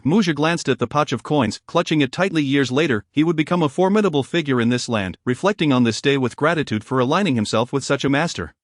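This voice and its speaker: A man narrating a fantasy story in an even, formal reading style. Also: medium pitch, no room sound, clean studio sound.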